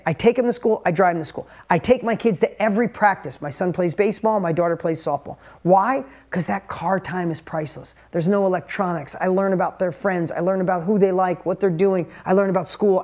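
A man's voice: high voice, fairly quick, hardly any pauses, a little mellow. A man in his forties, a motivational speaker telling a personal story to a live audience in an emphatic, intense way with punchy repeated phrases.

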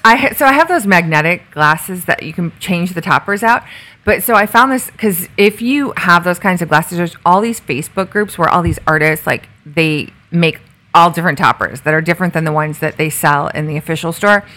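A woman's voice: fairly low pitch, normal speed, pushed and bright. A middle-aged woman hosting a podcast, chatting casually and telling stories with quoted asides. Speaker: podcast host. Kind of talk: casual chat.

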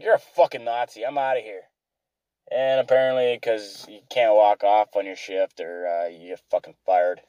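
A man's voice: lowish voice, clear, resonant tone, no room sound, low-quality recording. A tired man telling rambling, profane stories about old jobs, from a car. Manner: profane, rambling, self-deprecating. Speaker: vlogger. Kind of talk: rambling storytelling.

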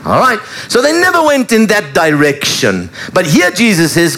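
A male pastor preaches to his congregation and tells the story with animated flair. His voice sits high for a man, and his pitch leaps up and down as he speaks. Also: moderate pace, hardly any pauses, slight background noise. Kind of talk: sermon.

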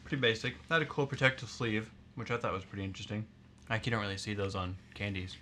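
A man's voice: on the low side, steady tone, fast talker, bright, forceful tone, a little hiss or hum. A young man co-hosting a snack tasting, casual and joking, stumbling over foreign words. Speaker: co-host of a snack tasting show. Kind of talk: casual chat.

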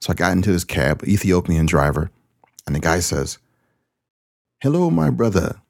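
A man hosting a podcast, telling a story in a casual, animated way and acting out the dialogue. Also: low voice, fairly quick, no room sound, clean studio sound. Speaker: podcast host.

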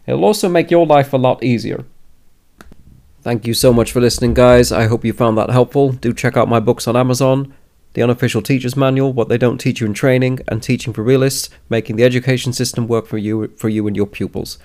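A man's voice: medium pitch, steady tone, a little fast, a little mellow. A man with a mid-range voice talks to camera as a teacher coaching newcomers. He is plain-spoken and emphatic, and he often restates a point in different words so that it lands. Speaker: teacher giving advice to new teachers. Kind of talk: direct advice talk to camera.

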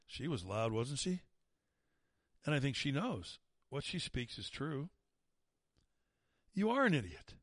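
A man's voice: mid-range voice, sing-song, unhurried, long pauses, a bit bright, no room sound. A man hosting a talk radio show, ranting in an indignant, sarcastic monologue into a studio microphone.

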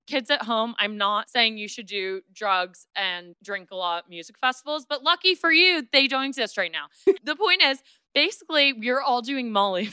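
A woman's voice: on the high side, bright, forceful tone, clean tone, no room sound. A young woman hosting a podcast, chatting in a bubbly, jokey way and swearing freely. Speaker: podcast host. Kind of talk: casual chat.

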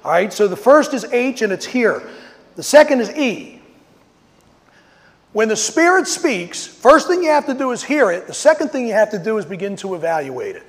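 A man with a high voice preaches a sermon outdoors, telling stories and dramatizing what people said. His voice rings with a long reverb tail. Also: very animated, normal speed. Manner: storytelling, rising to emphatic when acting out quotes. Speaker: pastor. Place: outdoors on a street.

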